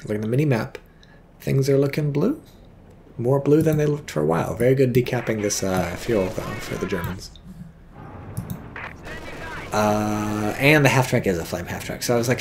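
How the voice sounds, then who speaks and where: A man casting a strategy game replay in casual commentary, excitable, swearing freely and exclaiming often. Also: on the low side, normal speed, vocal fry, slight background noise.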